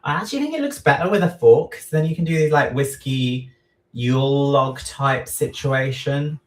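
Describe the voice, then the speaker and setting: A man chatting casually on a livestream while he frosts a cake at home, rambling and poking fun at himself, with lots of ums. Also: mid-range voice. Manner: slow, rambling, self-deprecating, many ums. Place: home kitchen. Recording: echoey room, voice far from mic.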